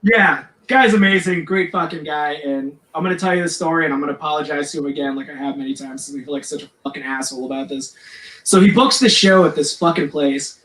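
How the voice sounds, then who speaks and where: A man's voice: fairly high pitch, quick pace, a bit bright. A man, a metal singer and podcast guest, telling a rambling, profane story in casual chat. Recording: echoey room.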